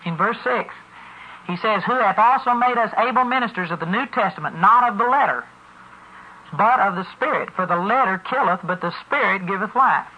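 Man, preacher, sermon, high voice, muffled lo-fi tape. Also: normal speed, breathy edge. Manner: folksy, storytelling preaching. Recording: muffled lo-fi recording.

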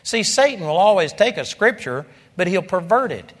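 A man's voice: high voice, big pitch swings, normal speed. A man preaching a sermon to a congregation, impassioned and repetitive, building to emphatic peaks. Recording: long reverb of a large hall.

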